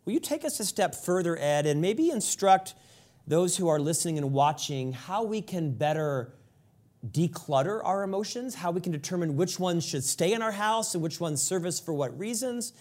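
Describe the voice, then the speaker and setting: A man's voice: high-pitched, expressive, normal speed, a little mellow. A man hosting a podcast, asking reflective questions with small fillers. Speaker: podcast host. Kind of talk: interview questions.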